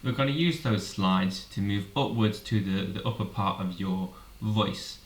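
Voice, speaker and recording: A man teaching singers a vocal warm-up, guiding them step by step with encouraging explanations. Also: on the low side, measured pace. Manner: clear, encouraging step-by-step coaching with demonstrated sounds. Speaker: singing teacher. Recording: roomy echo, a little far from the mic, faint noise.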